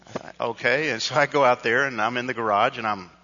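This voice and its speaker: A man's voice: medium pitch, fast, pushed and bright. A male pastor telling a funny personal story in a sermon, acting out the dialogue with self-mocking humor. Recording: dull recording with long hall reverb.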